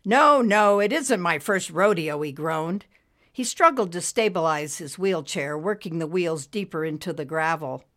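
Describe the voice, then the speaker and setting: Storybook narrator: a woman with a lowish voice, reading in a steady, plain way. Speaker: audiobook narrator.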